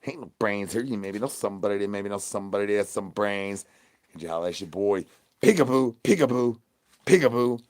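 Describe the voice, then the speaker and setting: A man's voice: fairly low pitch, lively intonation, fairly quick, darkish tone. A man, streaming in a goofy, rambling patter full of nonsense words and catchphrases. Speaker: streamer in zombie persona.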